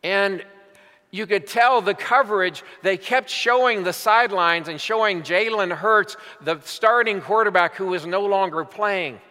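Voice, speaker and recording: Older pastor in a reverberant sanctuary. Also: male voice, high voice, unhurried, sharp tone. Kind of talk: sermon. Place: large church sanctuary. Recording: long hall reverb.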